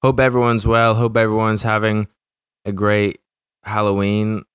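A young man talks through a solo podcast episode in a loose, cursing, stop-and-start way. His voice is smooth and resonant. The sound is close and dry, with no room around it. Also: fairly low pitch, monotone, measured pace, a bit bright, no echo. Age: young adult. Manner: rambling, profane, restarts sentences. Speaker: podcast host. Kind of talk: casual podcast monologue.

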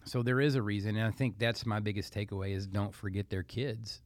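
A man with a fairly low voice co-hosts a podcast, sharing his thoughts as he works them out in a loose, easy way. The recording is dry and close. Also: fairly even intonation, fairly quick, no echo. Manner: reflective, thinks aloud with light laughs. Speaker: podcast co-host. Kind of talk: casual podcast conversation.

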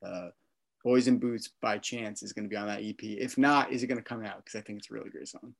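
A man from Florida hosting a casual interview, enthusiastic and quick to laugh. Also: lowish voice, fairly even intonation, vocal fry. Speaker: interviewer, host.

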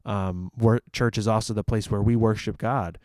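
A man from a church ministry talks through faith topics in a relaxed, thinking-aloud way, pausing on fillers and restarting his sentences. His voice sits fairly low. The sound is dry and close, with no room echo. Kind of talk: casual faith discussion.

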